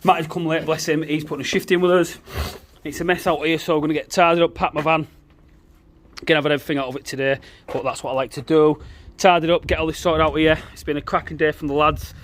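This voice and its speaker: A man's voice: a little high, little pitch movement, quick pace, fairly bright tone, slight background noise. Chatty tradesman vlogging on site. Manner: chatty, banters and laughs with the crew. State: tired. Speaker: plumbing business owner. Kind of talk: casual on-site vlog narration. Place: building site bathroom.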